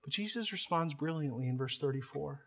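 A man's voice: fairly high pitch, lively intonation, brisk, creaky, fairly bright tone. A man preaching a sermon, emphatic and repeating words as he builds each point. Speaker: pastor.

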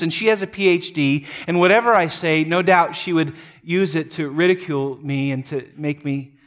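A man's voice: sits high, fairly bright tone. A man preaching a sermon as pastor, telling a story earnestly with frequent restarts.

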